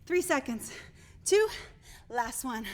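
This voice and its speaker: Winded female fitness instructor with a high voice, upbeat and encouraging, counts down the reps. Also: animated, slow. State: out of breath. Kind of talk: live workout coaching.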